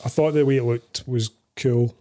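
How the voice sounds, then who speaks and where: A Scottish man co-hosting a casual film podcast, explaining his views in a measured, hesitant way. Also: mid-range voice, fairly even intonation, dark tone. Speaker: podcast co-host.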